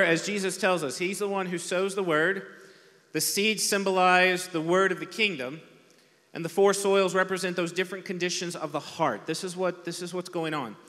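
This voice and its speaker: A man's voice: high-pitched, sharp tone. A man preaching a conversational sermon as pastor, self-deprecating and acting out quotes. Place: large church hall. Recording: long hall reverb from a church PA.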